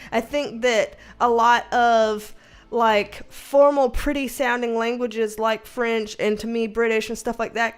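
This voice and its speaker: Slow-talking Southern American woman. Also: on the high side, clear, resonant tone. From Southern United States. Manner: laughs often, chatty and slangy. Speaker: livestream host. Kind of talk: casual livestream chat reading viewer comments.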